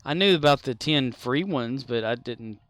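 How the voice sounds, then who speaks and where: A man's voice: medium pitch, animated, moderate pace, fairly bright tone, no echo. A man streaming a game, chatting casually and sleepily with his viewers in a laid-back drawl. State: sleepy, keeps yawning. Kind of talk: casual chat while playing.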